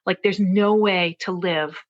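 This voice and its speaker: A woman author, speaking as an interview guest, tells a personal story in an earnest, searching way, full of fillers and restarts. Her voice is on the low side, fairly even in intonation and a little slow. The interview audio is dull and lo-fi.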